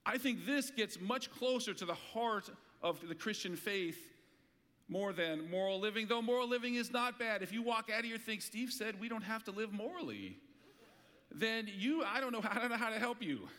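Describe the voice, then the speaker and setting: A man's voice: high voice, normal speed, bright, forceful tone, in a large hall. A man preaching a sermon as pastor, talking conversationally with rhetorical questions and light humor. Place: church hall.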